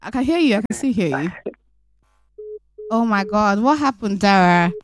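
A woman's voice: medium pitch, moderate pace, no room sound, clean studio sound. Playful woman radio host. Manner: animated, teasing, jokey. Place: radio studio.

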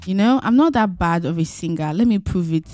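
A young woman hosting a radio show, chatting with callers in an animated, teasing, jokey way. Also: lowish voice, brisk, no echo, soft background music. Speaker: radio host. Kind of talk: playful radio chat. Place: radio studio.

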